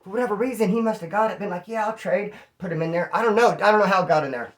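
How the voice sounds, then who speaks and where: A man from California, a former inmate, telling a prison story casually to camera in slangy, animated talk full of bro and dude. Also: high voice, racing.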